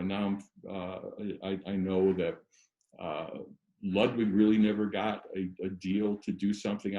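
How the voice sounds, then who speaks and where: A man's voice: low voice, vocal fry, mellow, reverberant, low-quality recording. A man telling stories as a guest on a chat show, rambling with many restarts and fillers. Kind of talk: casual storytelling chat.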